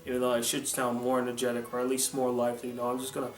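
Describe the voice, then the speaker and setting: Male reviewer parodying a listless monotone actor, low and deadpan. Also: rapid-fire, reverberant, faint music behind, natural voice. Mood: bored monotone. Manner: monotone, no inflection. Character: flat, bored male voice actor mocked as lifeless.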